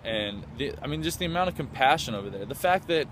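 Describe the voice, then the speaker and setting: Excited man telling a travel story outdoors. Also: mid-range voice, fast talker, a little hiss or hum. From United States. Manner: enthusiastic, rambling, with many fillers and restarts. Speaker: traveler recounting a trip. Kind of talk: casual storytelling.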